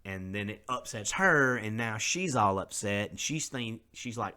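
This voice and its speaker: A man's voice: fairly low pitch, animated, a little slow, bright, forceful tone. A middle-aged man, hosting a podcast in an earnest, conversational way and openly admitting his faults. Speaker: podcast host. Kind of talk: candid motivational podcast monologue.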